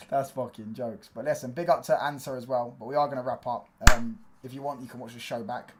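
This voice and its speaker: A man's voice: mid-range voice, fairly even intonation, fast talker, fairly bright tone. A young man hosting a football livestream, chatting loosely in slang. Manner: loose, slangy, rambling with fillers. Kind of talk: casual livestream chat.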